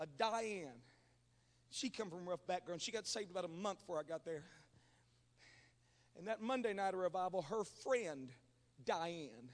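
A man's voice: high voice, in a large hall. A man preaching a Pentecostal revival sermon, telling stories and calling on the congregation to respond. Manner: storytelling preacher, calls on the congregation.

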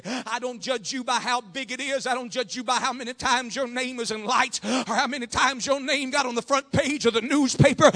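Man, preacher, sermon, very high voice, bright, hushed then shouting, rhythmic amens. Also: moderate pace, hardly any pauses, big-room sound. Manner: swings from hushed murmurs to shouted, impassioned preaching; rhythmic, with frequent amens and calls to the congregation.

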